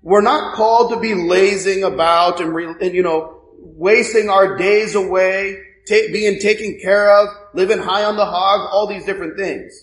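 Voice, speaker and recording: A man's voice: high-pitched, steady tone, moderate pace, few pauses, fairly bright tone, reverberant, low-quality recording. A male priest giving a sermon in a conversational way, asking rhetorical questions.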